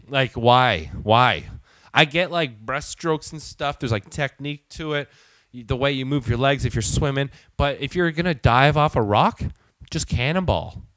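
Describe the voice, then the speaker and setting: A man in the middle of a heated comic rant, swearing freely as he tells a story. His voice sits mid-pitch and sounds close and dry, with no room around it. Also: dry recording. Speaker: show host.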